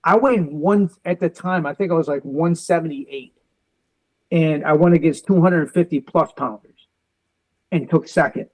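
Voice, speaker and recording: A man with a fairly high speaking voice tells his story as an interview guest. He acts out other people's lines as he goes, and his delivery is defiant and determined. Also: normal speed, rough recording. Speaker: interview guest, military veteran.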